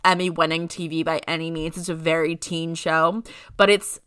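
A young adult woman co-hosting a podcast, relaxed and chatty, laughing often and steering the conversation along. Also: low voice, moderate pace, smooth. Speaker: podcast co-host. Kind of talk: casual chat.

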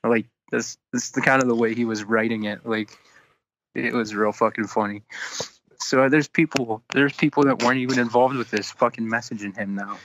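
A man telling a long story in casual chat, animated and swearing constantly as he acts out both sides of an argument. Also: mid-range voice, normal speed, a little hiss or hum. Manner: animated, heavy swearing, quotes people in exasperated retellings.

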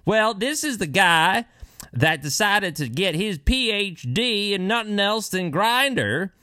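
A man's voice: sits high, expressive, takes it slowly, pushed and bright, no room sound, clean studio sound. A man giving heated, sarcastic political commentary while reading and remarking on news.

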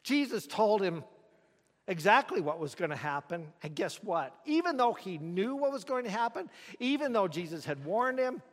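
A man's voice: high-pitched, sing-song, moderate pace, in a large hall. A man preaching a sermon, telling the story dramatically and asking the listeners rhetorical questions.

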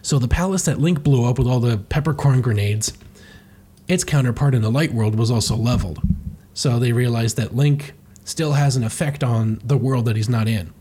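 A man's voice: mid-range voice, normal speed, mellow, husky. A man reading through a comic and commenting sarcastically, swearing casually. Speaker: comic reviewer.

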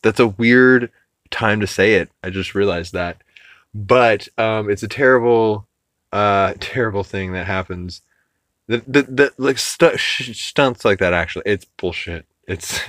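A man's voice: on the low side, a bit bright, no echo. A man hosting a podcast who recaps a cartoon episode casually, rambling with fillers, swearing and chuckling. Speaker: podcast host.

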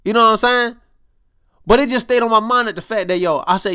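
Animated profane young man telling a story. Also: sits high, quick pace, clear, resonant tone. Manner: animated, profane street slang, acts out quotes. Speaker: podcast host. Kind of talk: casual storytelling monologue.

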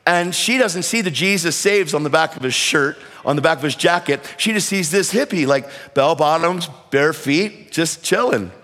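A man preaching a storytelling sermon, animated and breaking into shouts when he exhorts. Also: a little high, moderate pace, few pauses. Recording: reverberant hall.

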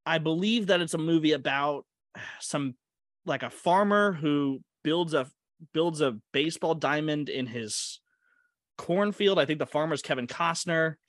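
A man with a fairly high voice co-hosts a casual movie-discussion podcast. He talks in a chatty, hesitant way, restarting his sentences and laughing between thoughts. His voice sits close and dry on the microphone. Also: unhurried, a bit bright, no room sound. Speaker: podcast co-host.

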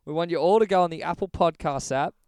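A man co-hosting a podcast in casual, joking chat, animated and loose with swearing. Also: on the high side, fast, clean tone, no room sound. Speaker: podcast co-host.

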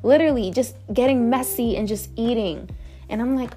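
A woman's voice: a little high, brisk, dark tone, soft background music. A woman host telling a personal story in a candid, chatty way, with frequent swearing. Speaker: podcast host. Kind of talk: casual storytelling monologue.

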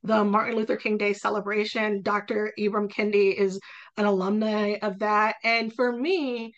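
A woman speaking as a college admissions tutor in a casual podcast conversation, talking passionately in quick bursts. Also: medium pitch, level tone, dull audio.

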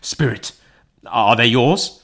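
Old miser guy, startled and halting, slow questions, as a man reads it. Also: medium pitch, fairly bright tone. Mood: pleading. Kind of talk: audiobook reading.

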